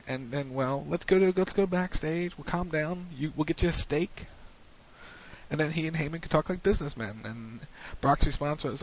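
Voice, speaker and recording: A man's voice: a little high, normal speed. A man hosting a wrestling recap show on internet radio, chatting casually and rambling with lots of fillers. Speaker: wrestling podcast host. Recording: muffled lo-fi radio stream.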